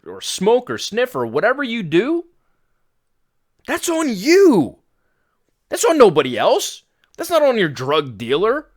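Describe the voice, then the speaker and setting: A man hosting a fitness podcast, giving a blunt, exasperated rant that includes some swearing. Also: high voice. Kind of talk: ranting podcast monologue.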